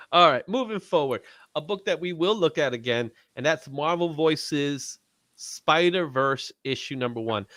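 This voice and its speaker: Lively, bright-voiced male host. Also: a little high, unhurried, no echo. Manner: animated, laughs often. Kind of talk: casual livestream chat.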